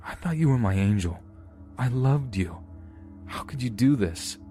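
A man voicing a volatile twenty-year-old who yells through sobs and makes demands. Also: low-pitched, normal speed, faint music behind, natural voice. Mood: anguished. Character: volatile young man of twenty, tearful and furious.

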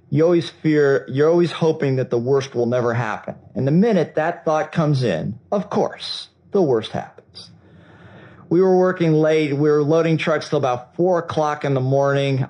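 A man giving a storytelling talk at a seminar, animated and acting out the dialogue, with frequent restarts. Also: mid-range voice, rough recording. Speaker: seminar speaker.

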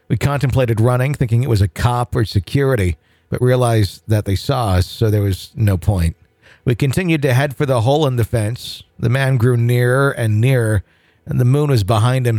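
A man hosting a podcast, reading a listener's ghost story aloud in an even, conversational way. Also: medium pitch, no room sound.

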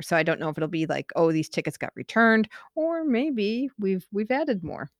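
A woman's voice: mid-range voice, lively intonation, moderate pace, few pauses, dry recording, studio quality. A woman co-hosting a podcast, chatting casually and laughing often. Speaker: podcast co-host.

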